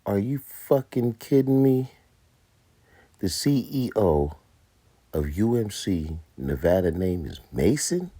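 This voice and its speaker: A man's voice: lowish voice, big pitch swings, takes it slowly, mellow, husky, no room sound. A man in his fifties giving casual, profane commentary, incredulous and emphatic. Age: 50s. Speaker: commentary host.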